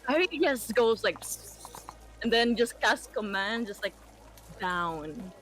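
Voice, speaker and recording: A giggly woman playing a tabletop game. She speaks slowly in a bright voice whose pitch swings widely. Faint music plays behind her. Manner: giggly, animated. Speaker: player.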